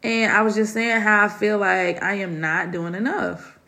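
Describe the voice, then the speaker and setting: Candid gravelly woman confiding. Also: mid-range voice, fairly even intonation, moderate pace, pushed and bright. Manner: heartfelt, confiding, addresses listeners as y'all. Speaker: podcast host. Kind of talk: candid solo podcast talk. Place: home dining room.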